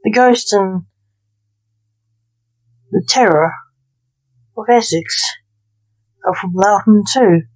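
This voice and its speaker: A woman's voice: mid-range voice, slow pace, long pauses, a little mellow, low-quality recording. A woman voicing a stern, suspicious aristocratic father who questions his daughter's suitor in a storybook reading. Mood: probing. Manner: probing, questioning.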